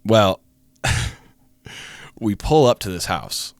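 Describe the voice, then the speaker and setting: Animated young man telling a story. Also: lowish voice, extremely slow, dry recording. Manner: animated, swearing, acts out voices in the story. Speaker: podcast co-host. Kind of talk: casual storytelling.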